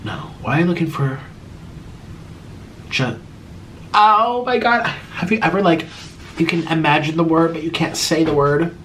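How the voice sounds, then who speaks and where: A man's voice: fairly high pitch, unhurried, pauses often, fairly bright tone, a little hiss or hum. A young man hosting a casual vlog Q and A, talking straight to camera with dramatic swings between exasperation and mockery. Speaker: YouTuber hosting a Q and A.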